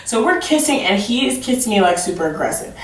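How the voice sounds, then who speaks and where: Speaking fast with big pitch swings in a highish voice, this young vlogger chats through a storytime, packing it with "like" and describing herself as awkward and goofy. The roomy sound comes from a distant mic.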